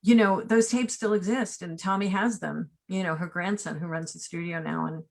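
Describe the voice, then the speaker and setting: A woman in her sixties, a casting director being interviewed, who tells personal stories in an animated, rambling way full of asides and tag questions. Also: fairly low pitch, normal speed, creaky. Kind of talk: remote interview, personal storytelling.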